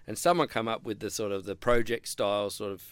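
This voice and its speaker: A man's voice: fairly low pitch, fast, smooth, no echo. A middle-aged man, a podcast guest telling long, rambling stories in a casual chat and acting out the dialogue. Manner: chatty, rambling storyteller who acts out quoted dialogue. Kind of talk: casual storytelling interview.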